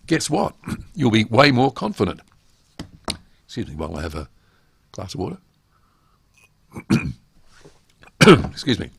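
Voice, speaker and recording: A man's voice: on the low side, vocal fry, breathy edge, no room sound, clean studio sound. An older man with an Australian accent hosting a webinar on public speaking, talking emphatically and asking rhetorical questions. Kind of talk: instructional talk.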